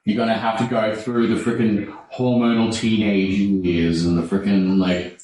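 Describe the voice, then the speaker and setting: A man in casual chat, relaxed and jokey while he works. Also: on the low side, normal speed, recorded from a distance. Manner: relaxed, chatty, jokey asides. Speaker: tattoo artist. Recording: echoey room, off-mic.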